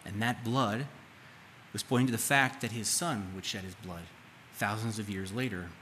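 Bright-voiced male pastor preaching in a hall. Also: on the low side, steady tone, moderate pace. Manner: conversational preaching, asks the congregation questions. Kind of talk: sermon. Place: church sanctuary. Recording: live church hall reverb, faint room noise.

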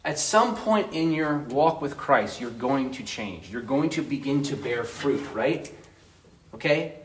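A man's voice: medium pitch, expressive, unhurried, slight background noise. A man teaching an informal Bible study, conversational and asking his group questions.

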